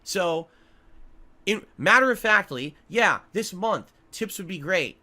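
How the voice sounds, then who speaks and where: A man streaming live, ranting angrily with heavy swearing and lots of repetition, going from loud outbursts to low muttering. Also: expressive, takes it slowly. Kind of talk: angry livestream rant.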